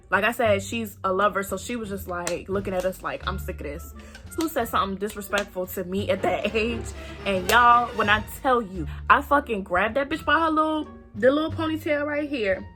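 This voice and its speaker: A young woman with a bright, forceful, fairly high voice tells a story straight to her viewers. She is animated and freely profane, and she slips into the voices of the people in her tale. Faint music plays beneath her. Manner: acts out quoted voices. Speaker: storytime vlogger. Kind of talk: casual storytelling to camera.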